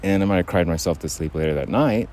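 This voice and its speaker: A man's voice: deep voice, fast, darkish tone, a little hiss or hum. A man hosting a solo podcast, talking in a rambling way, restarting his sentences and laughing at himself. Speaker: podcast host.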